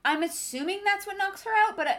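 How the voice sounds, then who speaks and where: A woman co-hosting a casual book club podcast, enthusiastic and quick to chime in with jokes. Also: very high-pitched, fairly bright tone. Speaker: podcast co-host.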